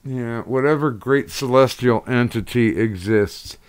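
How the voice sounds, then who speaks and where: A man's voice: mid-range voice, measured pace, clear, resonant tone. A man co-hosting a stream in a laid-back, dry manner. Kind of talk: casual stream chat.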